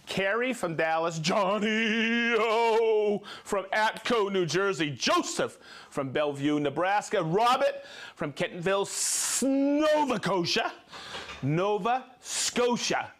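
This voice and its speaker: A man's voice: sits high, a bit bright. A man hosting a live show, reading out viewers' names and hometowns with jokes and stumbles over hard names. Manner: jokey, stumbles over place names, quick asides. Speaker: livestream host.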